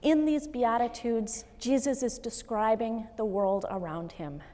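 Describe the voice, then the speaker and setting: A woman in her thirties, a pastor, preaching a sermon in an earnest, measured way with light personal asides. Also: fairly high pitch, dark tone. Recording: long reverb of a church hall.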